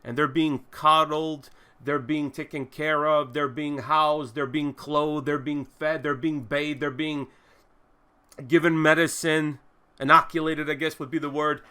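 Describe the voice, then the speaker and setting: Indignant man ranting with a bright voice. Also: on the high side, unhurried, clear, resonant tone. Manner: emphatic, indignant, profane, piles up repeated phrases. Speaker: host. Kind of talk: ranting commentary monologue.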